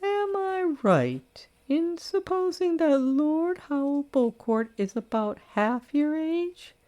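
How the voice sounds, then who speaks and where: A woman's voice: sits high, big pitch swings, slow pace, warm tone, muffled recording, pitched above the performer's own voice, heavily acted. A woman reading an audiobook, voicing a prim, disapproving older woman who sharply objects to her friend's marriage.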